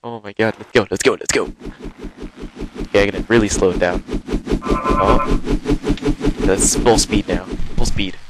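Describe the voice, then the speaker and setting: A man giving live, excitable commentary while playing a game, exclaiming and gasping often, recorded on a headset. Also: fairly low pitch, unhurried, long pauses, noisy background. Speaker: gaming video host.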